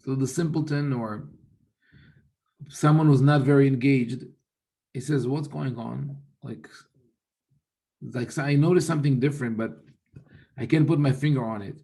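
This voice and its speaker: A rabbi explaining religious texts in a thoughtful, unhurried teaching manner, often restarting sentences and quoting Hebrew. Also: male voice, medium pitch, dark tone.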